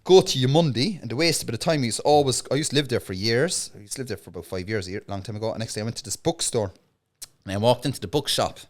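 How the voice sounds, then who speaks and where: Brief: Cork Irish comedian, rapid-fire rambling yarn-spinner, mid-range voice. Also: male voice, mid-range voice. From Ireland. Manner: rambling, animated, keeps asking "right?". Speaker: podcast guest, comedian. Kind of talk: casual anecdotal storytelling.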